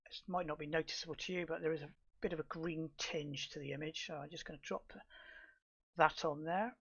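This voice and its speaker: Gravelly, husky man. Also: a little high, brisk, highs cut off. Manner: relaxed step-by-step explaining with fillers and restarts. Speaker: astrophotography tutor. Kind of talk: screen-recorded software tutorial.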